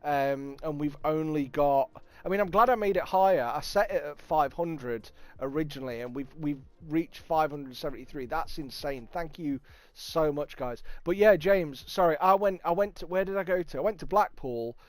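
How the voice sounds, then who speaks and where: A man with a Nottingham accent hosting a casual livestream, chatting, swearing freely and thanking viewers with bursts of excitement. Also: a little high, moderate pace, no room sound. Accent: Nottingham English. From England. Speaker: livestream host. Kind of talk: casual livestream chat reading viewer comments.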